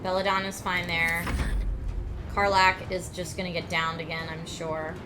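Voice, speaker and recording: A woman streamer talking her way through a video game live, thinking aloud with quick laughs. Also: on the low side, flat delivery, very noisy. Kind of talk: live gameplay commentary. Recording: game music playing behind.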